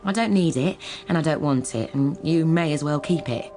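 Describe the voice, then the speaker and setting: A woman's voice: deep voice, moderate pace, mellow, pitched above the performer's own voice, lightly acted. A woman narrator voicing a chatty, blunt female dog owner who babbles, over a music soundtrack. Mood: babbling.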